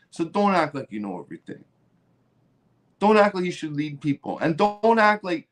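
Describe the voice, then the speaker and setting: A Canadian man hosting his own show, ranting angrily and swearing heavily, now and then mocking others in sarcastic voices. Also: fairly high pitch. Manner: profane and heated, mocking voices. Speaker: livestream host. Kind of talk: angry political rant.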